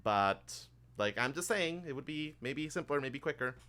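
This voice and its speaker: A man voicing an eager young female elf bank clerk in a tabletop game, with chirpy, rushed sales patter full of fillers. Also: medium pitch, animated, pushed and bright, pitched above the performer's own voice.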